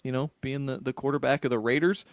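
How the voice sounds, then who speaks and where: A man's voice: mid-range voice, fairly even intonation, fast talker. Casual man co-hosting a football podcast. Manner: loose, conversational, many restarts. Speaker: co-host. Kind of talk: casual chat.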